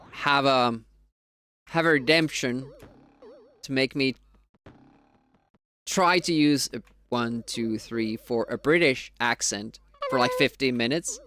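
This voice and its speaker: On a live speedrun stream, a streamer from Finland speaks with a Finnish accent, Finnish being his first language. In a mid-range, slightly bright voice, he rambles casually to viewers and laughs frequently.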